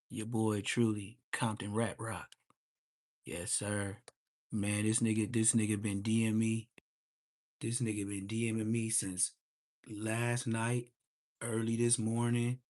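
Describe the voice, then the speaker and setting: A man vlogging, ranting casually and mocking someone in a trash-talking way. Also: lowish voice.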